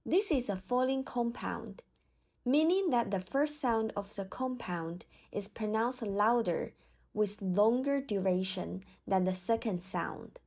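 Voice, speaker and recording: A woman teaching Mandarin pronunciation in a slow, scripted lesson, with clear, drawn-out model sounds. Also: mid-range voice, animated, darkish tone.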